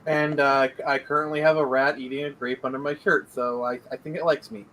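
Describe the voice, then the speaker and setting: Bright-toned, rambling young man. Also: mid-range voice, little pitch movement, fairly quick, slight background noise, poor audio. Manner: rambling, hesitant, lots of fillers. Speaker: guest comic creator. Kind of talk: casual livestream chat.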